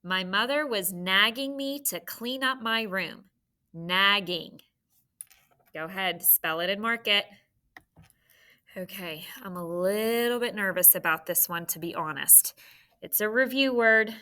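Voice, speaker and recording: A woman's voice: mid-range voice, measured pace, sharp tone. A woman teacher leading a spelling lesson, sounding out words letter by letter.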